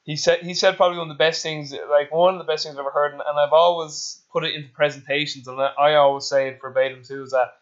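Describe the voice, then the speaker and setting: A fast-talking Irish man hosts a relaxed interview, circling back on his words and dropping the odd swear word. His voice comes through slightly dull and muffled. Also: a little high. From Ireland. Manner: rambling, repeats words, swears casually. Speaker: podcast host. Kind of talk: casual interview.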